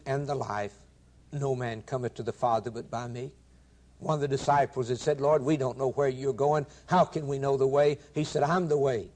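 A man's voice: on the high side, a little mellow. Emphatic man preaching a sermon. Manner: earnest, emphatic, quoting scripture in old-fashioned wording; direct address to listeners with rhetorical questions.

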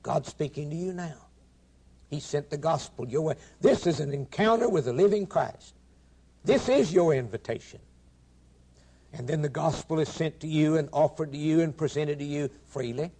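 A man's voice: fairly high pitch, normal speed, warm tone, breathy edge. A man preaching a sermon, earnest and emphatic, quoting scripture in old-fashioned wording and putting questions straight to his listeners. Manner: direct address to listeners with rhetorical questions.

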